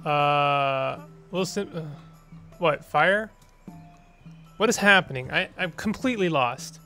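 A male gaming streamer chatting casually over his play, quick with sarcastic jokes. His voice sits a little high for a man. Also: pushed and bright, faint music behind. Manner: joking, sarcastic asides. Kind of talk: casual let's play commentary.

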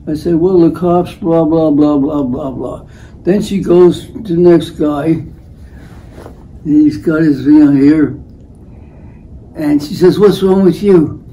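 Brief: older male host, slow rambling storyteller, dark mellow tone, acts out the quotes. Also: a little high, poor audio. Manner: unhurried, acts out the voices in his stories. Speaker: host telling life stories.

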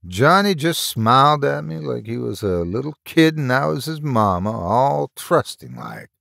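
A man tells a horror story in scripted narration, dragging the words out slowly. His voice is gravelly with a lively, rising and falling pitch. It sounds close and dry, with no room around it. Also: no echo.

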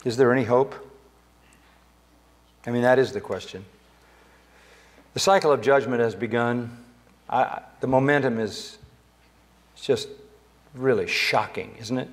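An older man delivers a sermon from the pulpit in a church sanctuary. His voice sits at a middle pitch and grows emphatic, rising when he quotes Scripture. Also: unhurried, pauses often. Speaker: pastor.

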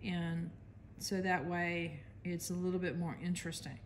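A woman's voice: lowish voice, steady tone, moderate pace, a little hiss or hum. An American woman giving a casual, chatty painting demonstration, talking while she works and apologizing to viewers now and then. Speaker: art instructor.

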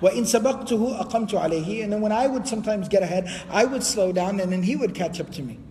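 A man giving an Islamic history lecture, telling the story in a lively way and quoting Arabic before translating it. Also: high voice, very fast, big-room sound.

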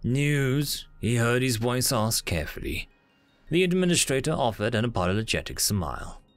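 A male narrator reading a short story with a lively, swooping intonation. His voice is recorded close and dry, with faint music running underneath. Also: medium pitch, normal speed, dry recording. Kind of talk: scripted narration.

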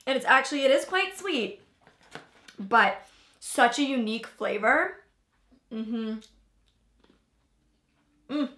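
A woman's voice: fairly high pitch, animated, takes it slowly, long pauses, sharp tone, reverberant. A young woman hosting a casual taste-test vlog, chatting in a loose, filler-heavy way and talking between bites. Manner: chatty, filler-heavy, talks while chewing. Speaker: vlogger host.

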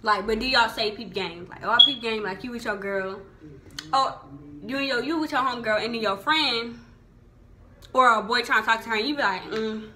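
A woman's voice: fairly high pitch, normal speed, pushed and bright. A young woman from Houston with a Southern Houston accent, chatting casually about local slang in a vlog, laughing often and saying "like" a lot. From Houston, Texas. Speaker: vlogger.

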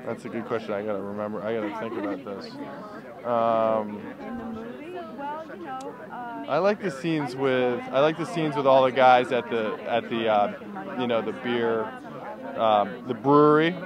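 A man's voice: mid-range voice, fairly even intonation. Actor guest, man: casual, wry, hesitant fillers, outdoors with a busy crowd. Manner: easygoing, joking, halting. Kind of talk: casual red carpet interview. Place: outdoor red carpet, urban. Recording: noisy crowd around. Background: crowd chatter.

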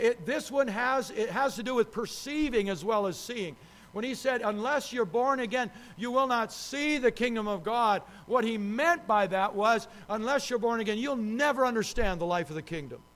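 A man's voice: high voice, fairly bright tone. A man, a pastor, preaching a sermon with emphatic, repeated phrases.

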